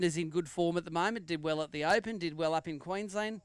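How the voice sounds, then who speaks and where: An Australian man emcees a live fishing weigh-in, teasing each angler and announcing weights and placings. His voice sits a little high and is smooth and clear. The sound is close and dry. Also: steady tone, fast, dry recording. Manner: jokey banter with anglers, announcing weights and standings.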